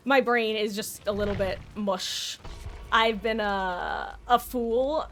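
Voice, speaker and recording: A woman's voice: fairly high pitch, takes it slowly, long pauses, fairly bright tone. A young woman from New Jersey, rambling and giggly as she chats through a live game stream. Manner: rambling, giggly, self-deprecating, many restarts. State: short of breath. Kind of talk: casual live-stream commentary while playing.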